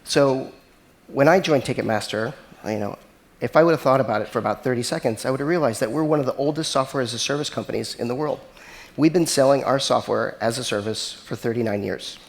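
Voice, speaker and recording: A man's voice: medium pitch, fairly quick, creaky. A man giving a conference keynote as a chief technology officer, speaking casually with lots of filler words.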